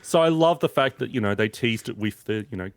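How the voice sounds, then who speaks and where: A man's voice: mid-range voice, lively intonation, a little fast, clean tone, no room sound. A man co-hosting a casual gaming podcast, talking enthusiastically and rambling with frequent restarts. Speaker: podcast co-host.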